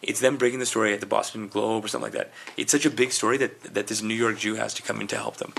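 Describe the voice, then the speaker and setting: Gravelly dude talking fast on a comedy podcast, rambling stories, bit of faint hiss. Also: male voice, on the low side, fairly even intonation, fairly bright tone. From Canada. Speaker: podcast co-host. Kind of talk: casual comedic chat. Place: indoors, podcast recording.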